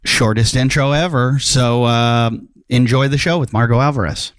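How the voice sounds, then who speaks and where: A male podcast host talking loosely and casually, full of ums and uhs and quick self-deprecating jokes. His voice sits at an ordinary middle pitch. The recording is close and dry, with no room sound. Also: fairly even intonation, no echo. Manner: rambling, lots of fillers and self-mocking asides. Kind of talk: casual podcast intro and chat.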